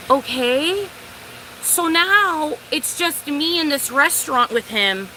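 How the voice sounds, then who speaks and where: A woman's voice: sits high, unhurried, slight background noise, low-quality recording. A young woman vlogger telling a storytime tale to her viewers, swearing freely and acting out both sides of the story. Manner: profane, animated storytelling. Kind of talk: storytime vlog.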